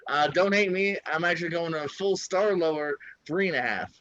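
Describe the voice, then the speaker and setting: Male podcast co-host, measured and hesitant, dull dry recording. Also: fairly high pitch, a bit bright, no room sound. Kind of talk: casual movie review chat.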